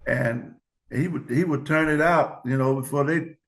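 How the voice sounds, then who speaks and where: An older man, a guest in a casual interview, who speaks haltingly and often repeats words. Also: a little high, a bit bright.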